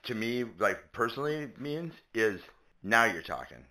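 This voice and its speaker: A man's voice: mid-range voice, very animated, moderate pace, pushed and bright. A man co-hosting a podcast in casual chat, rambling and joking, often trailing off mid-thought. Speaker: podcast co-host.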